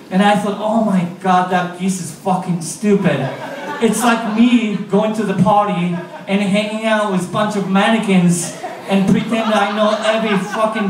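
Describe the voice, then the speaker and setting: Japanese man, stand-up comic, high voice, halting laughing delivery, distant echoey club recording with faint noise. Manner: halting storytelling, laughing through punchlines. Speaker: stand-up comedian. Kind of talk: stand-up comedy. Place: live comedy club. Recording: echoey club audio from far off.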